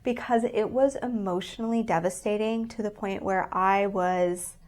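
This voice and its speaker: A woman's voice: medium pitch, fairly even intonation, normal speed, a little mellow. Woman, book vlogger, casual review, earnest, emotional, rambling restarts. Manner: openly emotional.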